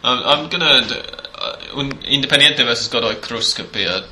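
A man's voice: mid-range voice, fairly quick, bright, forceful tone, reverberant, slight background noise, rough recording. A man hosting a casual podcast chat about football in a wry, chatty, self-deprecating way. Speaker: podcast host.

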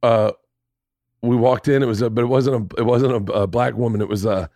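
A man in his forties telling loose, swearing stories as a podcast host, and he slips into other people's voices as he goes. His voice sits at an ordinary pitch for a man. The sound is dry and close to the mic, with no room on it. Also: fairly quick, no room sound. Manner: animated storyteller, swears freely, acts out voices. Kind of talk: casual storytelling chat.

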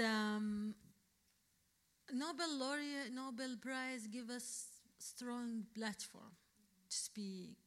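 A woman from Yemen, an Arabic native speaker with a Yemeni accent, answering questions as a guest speaker at a public talk in halting English full of restarts, building to firm emphasis. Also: on the high side, fairly bright tone.

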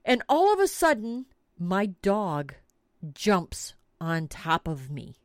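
A woman's voice: medium pitch, takes it slowly, no room sound, studio quality. A middle-aged woman host telling a comic story with frequent swearing and dramatic emphasis. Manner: animated, swears freely, dramatic retelling. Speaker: podcast host.

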